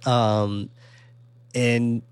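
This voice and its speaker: A man co-hosting a casual film discussion, talking excitedly, swearing often and acting out lines from the movie. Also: mid-range voice, extremely slow, clean tone, no room sound. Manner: animated, swears a lot, acts out quotes. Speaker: podcast co-host.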